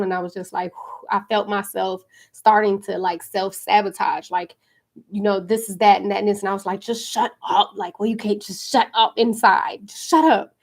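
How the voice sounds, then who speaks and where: A woman's voice: medium pitch, creaky, darkish tone. A woman hosting a podcast, talking casually and chattily about spirituality and card readings, with frequent fillers. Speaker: podcast host and card reader.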